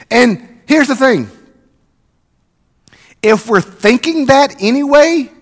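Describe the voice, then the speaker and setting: A man preaching a sermon as pastor, swinging from loud emphatic passages to soft near-whispers. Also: high voice, big-room sound. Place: church sanctuary.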